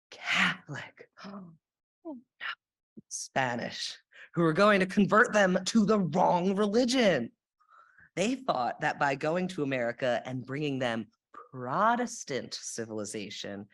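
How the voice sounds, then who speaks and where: A young woman delivers a sermon from a church sanctuary. Her delivery is reflective and measured, with an occasional dry, sarcastic aside. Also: a bass voice. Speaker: lay sermon speaker.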